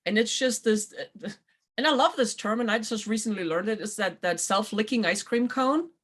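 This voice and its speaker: A woman hosting a talk show, chatting in a casual motivational way and acting out quoted voices with lively swings. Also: medium pitch, normal speed. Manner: animated, acts out quoted voices. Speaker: podcast host.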